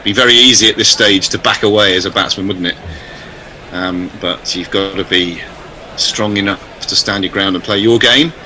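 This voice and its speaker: A man giving chatty, measured ball-by-ball cricket commentary. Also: fairly low pitch, bright, forceful tone, rough recording. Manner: measured, chatty, self-deprecating.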